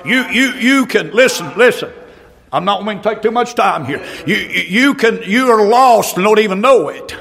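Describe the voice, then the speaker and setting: A middle-aged man preaching a fiery revival sermon, breaking into shouted outbursts between folksy stories. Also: high voice, expressive, moderate pace, creaky.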